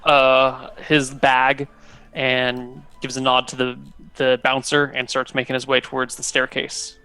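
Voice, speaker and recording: A man's voice: medium pitch, monotone, measured pace, sharp tone, clean tone, soft background music, poor audio. A man running a tabletop role-playing game as dungeon master, chatting casually and voicing characters. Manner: casual, laughing, slips into terse character lines.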